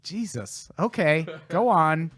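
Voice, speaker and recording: A man hosting a podcast who reacts with quick, wry comments. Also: fairly high pitch, a bit bright, breathy edge, no echo, studio quality. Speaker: podcast host. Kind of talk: casual podcast chat.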